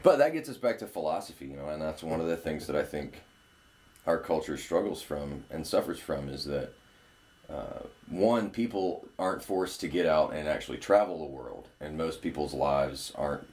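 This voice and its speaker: Very deep, animated man. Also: moderate pace. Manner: laughing, animated. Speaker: podcast host. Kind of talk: casual conversation.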